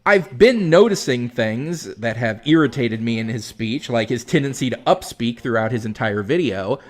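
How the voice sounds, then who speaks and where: Male commentary host, exasperated and lecturing, lively pitch. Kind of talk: critical commentary on a clip.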